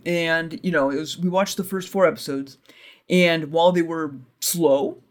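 A man with a high voice co-hosts a casual podcast. He talks in fits and starts, breaks off his own sentences, and drops the odd curse. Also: steady tone. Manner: halting, self-interrupting, profane. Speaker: podcast co-host.

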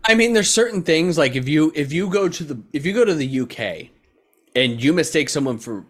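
A man's voice: fairly high pitch, animated, brisk. A young man from Texas co-hosting a podcast in casual, rambling chat full of fillers and restarts. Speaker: podcast co-host.

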